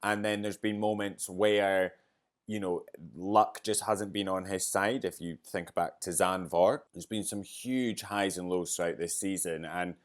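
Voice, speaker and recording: A man hosting a podcast, with a fairly low, hungover voice. He talks in a chatty, effusive way and lets the emotion show. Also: steady tone, measured pace. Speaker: podcast host. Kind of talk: casual podcast commentary.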